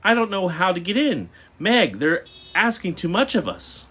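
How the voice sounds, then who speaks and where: A man's voice: high-pitched, big pitch swings, normal speed, a bit bright, breathy edge, pitched above the performer's own voice, exaggerated voice. A man voicing an exhausted, helpless teenage boy, weary and hopeless.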